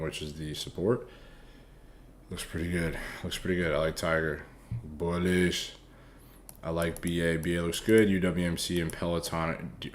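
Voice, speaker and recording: A man's voice: low voice, slight background noise. A man casually reviewing stock charts for viewers, loose, profane and hyped up. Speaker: stock trading streamer.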